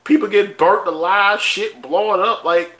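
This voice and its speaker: An excitable podcast co-host talking in a bright, sharp voice. He gets loud and profane as he recaps a show, sitting a little high in his range. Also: normal speed. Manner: loud, animated, swearing, laughing often. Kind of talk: casual chat.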